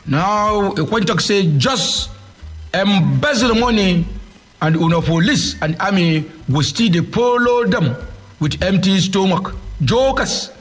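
A man's voice: sits high, expressive, measured pace, soft background music. A man with a Nigerian accent giving an indignant political monologue, firing off repeated rhetorical questions and slipping into Nigerian Pidgin. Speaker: political commentator. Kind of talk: impassioned monologue.

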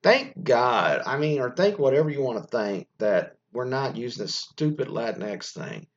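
A man in casual commentary, his voice a bit husky and worn. He rambles with plenty of restarts and opinionated asides. The recording sounds dull and slightly muffled. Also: mid-range voice, big pitch swings, moderate pace. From United States. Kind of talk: casual commentary, reading news aloud.

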